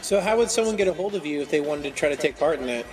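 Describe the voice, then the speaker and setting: A man interviewing a voice actor, asking curious, quick questions. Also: fairly high pitch, animated, a little mellow, recorded from a distance, faint music behind, low-quality recording.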